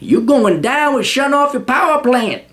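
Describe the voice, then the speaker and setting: A man's voice: very high-pitched, animated, normal speed, fairly bright tone, pitched above the performer's own voice. Man doing a drawling Texan agent. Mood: smug. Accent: put-on Southern US. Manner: drawling, taunting, mock-polite. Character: swaggering Texan male federal agent, cocky.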